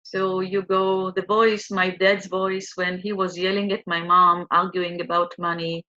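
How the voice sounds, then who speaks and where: A woman coaching listeners through a guided tapping exercise in a slow, soothing, repetitive way. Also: lowish voice, little pitch movement, pushed and bright, highs cut off.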